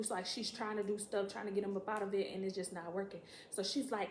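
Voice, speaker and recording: A woman telling a story to camera in a casual, profane, animated way, acting out what people said. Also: mid-range voice, fast talker, slight background noise. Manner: profane, animated, acts out quotes. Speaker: storytime vlogger. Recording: echoey room.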